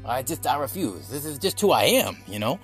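A man from the New York area with a New York accent, hosting a comedic rant podcast in an animated, rambling way full of restarts. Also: mid-range voice, fairly quick, faint music behind. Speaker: podcast host.

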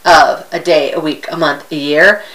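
A woman's voice: low-pitched, fairly even intonation, normal speed, a bit bright, poor audio. A middle-aged woman co-hosting a casual, upbeat talk show; chatty, laughing easily. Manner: chatty, laughs easily, acts out her own complaints. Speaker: co-host. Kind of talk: casual chat.

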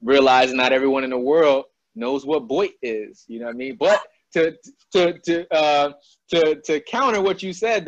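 A man from Albany hosting a casual interview, talking loosely and often checking in with "you know what I mean". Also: fairly high pitch. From Albany, New York. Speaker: interview host. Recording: dull dry lo-fi sound.

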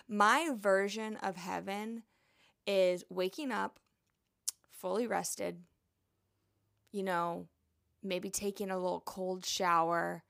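A woman's voice: medium pitch, vocal fry, fairly bright tone, no room sound, studio quality. A young woman hosting a podcast, a nurse chatting casually with a rambling, playful manner and lots of asides. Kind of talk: casual chat.

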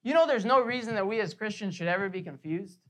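A woman pastor preaching a sermon with emphasis, often repeating key phrases slowly. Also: mid-range voice, lively intonation, a bit bright.

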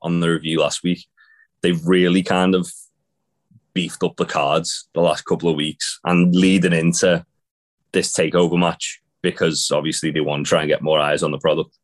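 A man's voice: low voice, little pitch movement, moderate pace. A man co-hosting a casual wrestling review chat, blunt and sarcastic, swearing freely. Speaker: wrestling podcast co-host.

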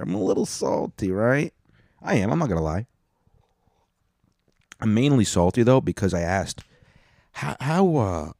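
A man's voice: low-pitched, warm tone, no room sound, studio quality. A man talking casually and profanely to his listeners, rambling and interrupting himself as he tells a story about comedy open mics. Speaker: stand-up comedian and podcast host. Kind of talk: casual solo rant.

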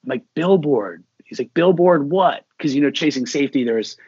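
A man's voice: mid-range voice, fast talker, husky, no room sound. A middle-aged man, a musician guest, telling a story in a casual interview and acting out what others said. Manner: animated, acts out quoted dialogue. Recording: dull lo-fi sound.

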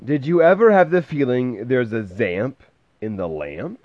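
Gentle, slow bedtime-reading dad. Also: male voice, mid-range voice, expressive, lo-fi sound. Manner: slow, gentle and lilting, chatting with the child between pages. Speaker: parent reading to a toddler.

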